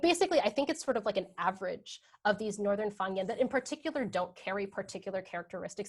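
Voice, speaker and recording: Woman academic fielding questions; tentative, filler-heavy, asks "right?" a lot. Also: mid-range voice. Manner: thinking aloud, many ums and "right?" checks; hedging with "sort of" and "like". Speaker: guest speaker, history professor. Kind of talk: academic Q&A answers.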